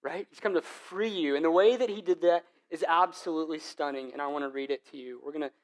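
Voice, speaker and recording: A young man preaching from the pulpit, his voice sitting a little higher than most men's. He tells stories with casual slang, swinging between loud bursts and quiet, hushed moments. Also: quick pace. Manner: animated storytelling with casual slang. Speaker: lead pastor. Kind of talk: sermon.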